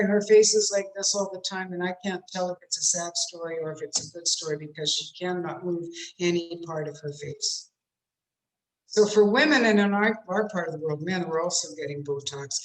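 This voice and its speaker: A woman coaching speakers in an online workshop, talking in a demonstrative way and shifting her tone to show examples. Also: on the low side. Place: home room on a video call. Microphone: computer mic on a video call. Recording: roomy echo.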